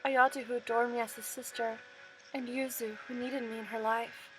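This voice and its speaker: A woman voicing a bitter, fading girl spirit who speaks quietly and subdued. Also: on the high side, flat delivery, normal speed, music in the background, lightly acted, low-quality recording. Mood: resigned.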